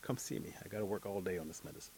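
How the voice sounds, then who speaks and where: A man voicing a quiet, clever male mole healer, hushed and confiding. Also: fairly low pitch, very fast, a little hiss or hum, lightly acted.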